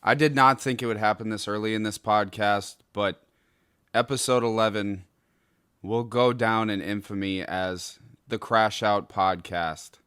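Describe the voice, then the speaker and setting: A young adult man hosting a solo podcast, ranting in an angry, exasperated way with sudden loud outbursts. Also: on the low side, fairly even intonation, measured pace, clean tone, dry recording, clean studio sound. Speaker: podcast host.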